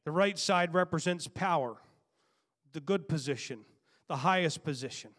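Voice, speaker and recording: A male preacher with a somewhat high voice delivers a sermon. He moves from scripture reading and prayer into emphatic, rising bursts. Along the way he teases his listeners with playful jabs. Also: moderate pace, a bit bright.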